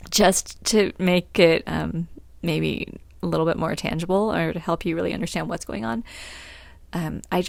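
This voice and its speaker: A woman hosting her podcast, talking in an open, rambling way, with lots of laughs and fillers. Her voice has a gravelly edge and sounds a little choked up. It is recorded close and dry, with no room sound. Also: fairly low pitch, no room sound. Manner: candid, laughs often, many fillers and restarts. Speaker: podcast host. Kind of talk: casual personal talk.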